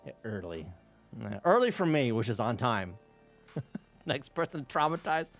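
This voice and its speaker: A man streamer telling casual stories on a live stream, animated, swearing and laughing often. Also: on the high side, normal speed, faint music behind.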